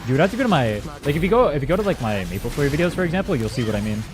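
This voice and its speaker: A man's voice: fairly high pitch, very animated, very fast. Chatty young man streaming with game music. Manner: rambling, chatty, swears casually. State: slightly strained throat. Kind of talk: casual gaming stream chat.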